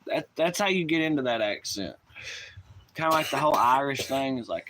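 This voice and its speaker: A man's voice: medium pitch, expressive, fairly quick, noisy background. A man with a Southern US accent chatting casually on a live stream, rowdy and profane, rambling in folksy slang.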